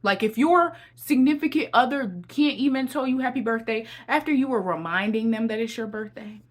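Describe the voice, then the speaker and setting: A young Christian encouragement vlogger shares a heartfelt personal testimony and encourages viewers, often repeating her phrases and addressing them as y'all. Her voice is fairly high and moderately paced.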